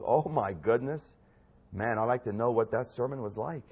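Husky, animated preacher man. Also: normal speed. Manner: emphatic, swinging between loud outbursts and low murmurs. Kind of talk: sermon.

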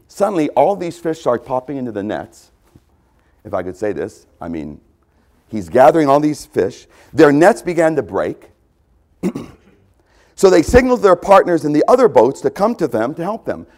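A man preaches with a gravelly edge, swinging his pitch up and down with lively emphasis. He hammers key phrases by repeating them and stops often to clear his throat. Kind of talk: sermon.

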